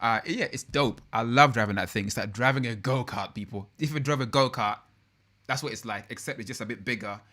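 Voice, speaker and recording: A man's voice: mid-range voice, fairly quick, bright, forceful tone. A young man hosting a casual live stream, chatting loosely and reading out viewer comments. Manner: slangy, loose and chatty with many fillers.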